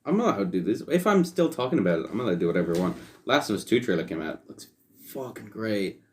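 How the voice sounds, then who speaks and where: A man's voice: fairly low pitch, very animated, racing, a little hiss or hum. A young man co-hosting a podcast, chatting casually and offhand, swearing a lot and trailing off with fillers. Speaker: podcast co-host. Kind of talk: casual chat.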